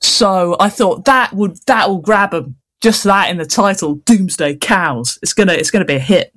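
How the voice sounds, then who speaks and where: Brief: woman author, chatty, self-mocking, mid-pitched, casual interview guest. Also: moderate pace, a bit bright. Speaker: children's author.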